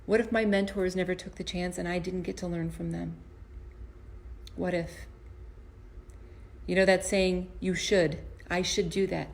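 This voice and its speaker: A woman, an empowerment coach and comedian, giving a motivational talk to camera from her home basement, earnest and storytelling, often restarting and repeating words. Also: on the low side. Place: home basement performance space.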